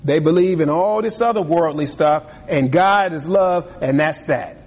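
A man preaching a sermon with a husky voice, lively and acting out other people's voices. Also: a little high, moderate pace. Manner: animated, acts out voices of tempters and the king. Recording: long hall reverb.

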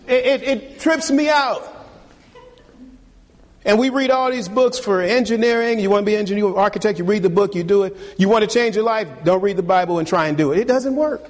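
A middle-aged man preaching a sermon as pastor, animated and teasing, calling on the congregation for amen. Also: sits high, brisk. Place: church sanctuary. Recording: long reverb of a hall.

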